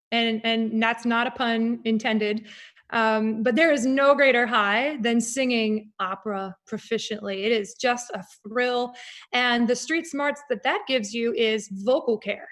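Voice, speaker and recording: Animated woman singer in interview. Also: a little high. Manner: animated, reflective, with frequent fillers. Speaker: opera singer guest. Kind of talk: conversational interview.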